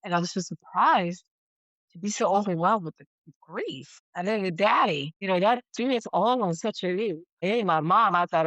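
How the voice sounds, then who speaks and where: A woman's voice: mid-range voice, animated, fairly bright tone, no room sound, low-quality recording. Reflective woman with a dry, close sound. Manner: reflective, halting, repeats words while searching. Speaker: podcast guest, yoga teacher. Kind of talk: casual conversation.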